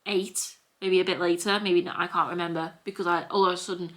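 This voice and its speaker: A young Scouse woman vlogs from home in a hoodie, telling a rambling, repetitive story full of restarts. Her voice is lowish, fairly bright and fairly quick, with a fairly even intonation.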